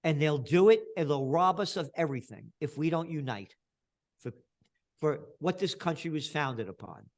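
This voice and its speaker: An older man, an interview guest talking in an impassioned, ranting way that swings from low talk to shouting. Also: expressive, normal speed. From the Bronx, New York. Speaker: interview guest, trend forecaster.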